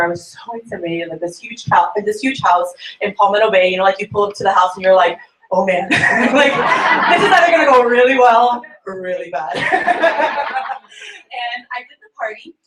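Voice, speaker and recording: A woman telling a sales story to a group. She talks in a lively way, acts out quoted voices and laughs often. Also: mid-range voice, reverberant, rough recording. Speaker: sales consultant sharing a tip. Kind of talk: animated storytelling talk.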